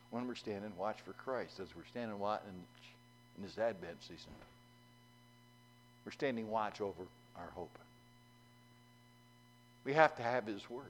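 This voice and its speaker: Through poor audio comes a man's voice on the low side, preaching in a folksy manner. He quizzes the congregation and performs the voices of the people in a story he's telling.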